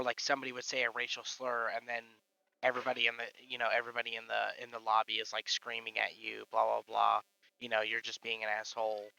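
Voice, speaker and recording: A man live-streaming and riffing to his chat, his voice bright and edgy. He rambles through fillers and profanity in an offhand way. The sound is dry and close but a little muffled, like a budget stream mic. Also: medium pitch, vocal fry, dry recording.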